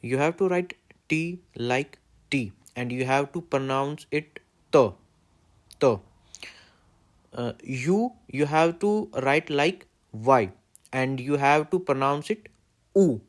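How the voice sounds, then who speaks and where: A man's voice: mid-range voice, takes it slowly. Man explaining letters step by step. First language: Hindi. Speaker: language teacher. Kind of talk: alphabet lesson.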